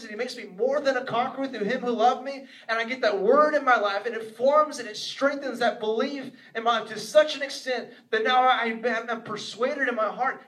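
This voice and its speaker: A man's voice: very high voice, bright, forceful tone. A man preaching a sermon as pastor, earnest and repetitive, acting out the inner voices of his listeners. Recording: echoey room, voice from a distance.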